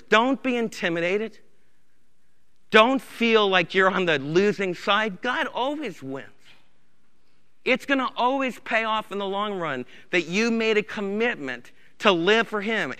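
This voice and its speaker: A man's voice: high-pitched, animated, moderate pace, pushed and bright, smooth. A man preaching a sermon as pastor, impassioned and repeating key phrases, in a church sanctuary. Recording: reverberant church hall.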